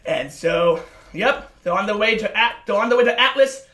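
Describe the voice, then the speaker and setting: A man giving excited, breathless reaction commentary on a show, gushing and swearing with stammered restarts. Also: sits high, normal speed. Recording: roomy room, faint music behind.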